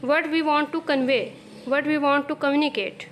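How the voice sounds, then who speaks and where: A woman with a Pakistani English accent, teaching a recorded English lesson, explaining slowly and repeating phrases for emphasis. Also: sits high, fairly even intonation, slight background noise.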